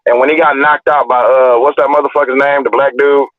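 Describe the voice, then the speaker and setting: A young adult man telling profane, animated stories in a casual chat as a livestream host. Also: medium pitch, brisk, no echo. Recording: dry, tinny phone-like audio.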